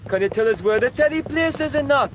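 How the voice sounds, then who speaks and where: An actor playing a coarse, swearing lad from Newcastle who is lost on a trip to London. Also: male voice, very high-pitched, expressive, fast talker. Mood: indignant. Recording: street and traffic noise.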